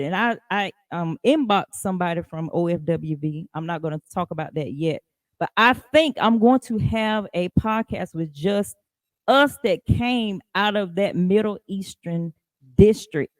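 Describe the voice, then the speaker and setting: Brief: woman podcast host, casual and animated, mid-pitched, dry close sound. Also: no echo. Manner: chatty, greets live viewers by name. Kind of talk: casual live podcast chat.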